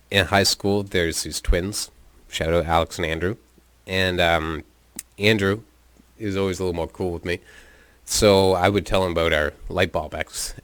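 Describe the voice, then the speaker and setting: A young man spins a story in a loose, amused way, cursing freely as he goes. His voice sits very low. The sound is dry and close, with no room echo. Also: a bit bright. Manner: laid-back, profane, amused. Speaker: vlogger. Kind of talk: casual storytelling.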